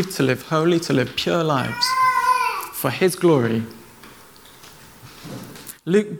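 Male preacher, gravelly tone, conversational storytelling with acted-out quotes, faint background noise. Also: fairly high pitch. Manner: retells stories conversationally, acting out quoted lines. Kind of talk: sermon.

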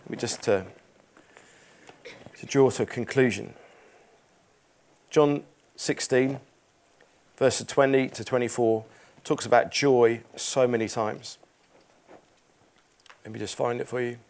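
A man's voice: medium pitch, steady tone, slow pace, long pauses, darkish tone. A man preaching a sermon in church, earnest and emphatic, repeating phrases and reading scripture aloud.

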